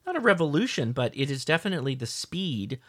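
A man's voice: on the high side, very animated, fast talker, a bit bright, no echo. A man hosting a casual podcast, joking around and reading listener mail aloud. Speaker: podcast host. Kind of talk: casual chat.

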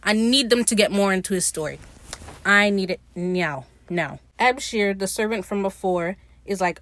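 A woman hosting a podcast, recapping a TV episode in a casual chat. She swears freely and acts out the characters' lines in quick quotes. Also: medium pitch, fairly bright tone, dry recording. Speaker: podcast host.

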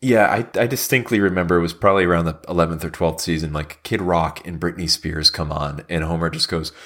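A man's voice: deep voice, steady tone, fast talker, fairly bright tone. A man co-hosting a podcast, rambling casually with lots of fillers. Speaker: podcast co-host. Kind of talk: casual chat.

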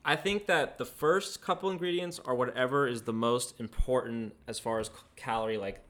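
A man's voice: medium pitch, normal speed, a bit bright. A man co-hosting a podcast in casual chat, posing questions and leaning on "like" as a filler. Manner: questioning, leans on "like". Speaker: podcast co-host.

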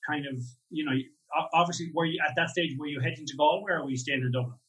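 A man hosting an interview, asking quiet follow-up questions. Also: a little high, quick pace, poor audio. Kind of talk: conversational interview.

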